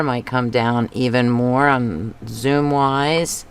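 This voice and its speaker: A woman hosting a craft video, chatting casually as she paints, thinking aloud and talking to herself with soft chuckles. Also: very deep voice, fairly even intonation, slow pace, slight background noise. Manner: soft chuckles between remarks.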